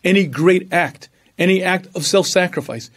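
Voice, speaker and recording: A man delivering a lively religious lecture with a slightly higher voice. He tells stories with animation, acts out the voices of the people in them, and clears his throat often between phrases. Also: normal speed. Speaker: rabbi and lecturer. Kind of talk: Torah lecture.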